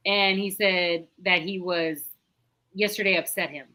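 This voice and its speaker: A middle-aged woman appears as a podcast guest, her voice lowish, bright and forceful, with fairly even intonation and a measured pace. She tells a casual story in a chatty, rambling way, acting out the dialogue and restarting often.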